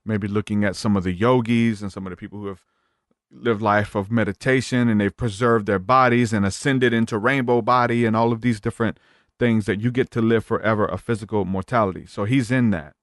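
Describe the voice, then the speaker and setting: A man's voice: lowish voice, steady tone, a little fast, no room sound. Man rambling on a dry podcast mic. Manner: rambling, with many fillers and restarts. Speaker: podcast guest. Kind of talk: casual storytelling chat.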